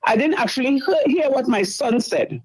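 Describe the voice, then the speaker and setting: On a low-quality recording, a middle-aged woman caller speaks at normal speed in a high, slightly mellow voice with lively intonation. She tells a talk show an emotional, distressing story, repeating herself as she goes.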